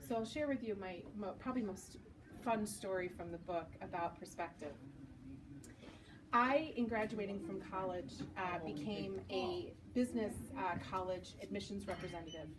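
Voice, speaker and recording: A woman's voice: medium pitch, moderate pace. A woman in her forties, an author giving a storytelling talk in a bookstore, acting out the lines she quotes and laughing at herself. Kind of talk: storytelling talk to a live audience. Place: bookstore event space. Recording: distant mic with noticeable background noise.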